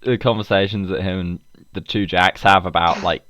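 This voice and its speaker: Low-voiced man chatting casually. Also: steady tone, moderate pace, a crowd in the background. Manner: rambling, laughs often, swears casually. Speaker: podcast co-host. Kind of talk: casual chat.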